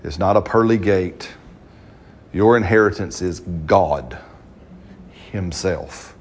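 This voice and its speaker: A man's voice: sits low, a little hiss or hum. A man preaching a sermon in church, stretching out scripture lines and punctuating them with amens. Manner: fervent preaching, slow drawn-out stress on scripture, frequent amens. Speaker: pastor. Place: church service.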